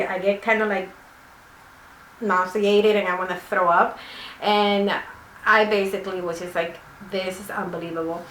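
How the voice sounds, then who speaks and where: A woman's voice: medium pitch, pushed and bright, slight background noise. Chatty woman vlogger in a roomy room. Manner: chatty, rambling, many fillers. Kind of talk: casual storytime. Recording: roomy echo.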